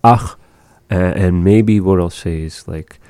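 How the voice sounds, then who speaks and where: Man, deep mellow voice, patient and rambling, casual language lesson, dry close sound. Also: a little slow, clear, resonant tone, dry recording. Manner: explains patiently with many fillers. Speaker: language teacher.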